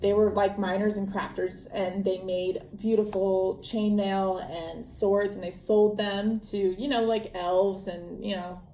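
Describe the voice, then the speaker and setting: A woman's voice: mid-range voice, steady tone, a little slow, hardly any pauses, dark tone, a little hiss or hum. A young woman casually summarizing a book as podcast host, chatty with lots of fillers and frequent laughs. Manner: chatty, lots of ums and likes, laughs often. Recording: echoey room.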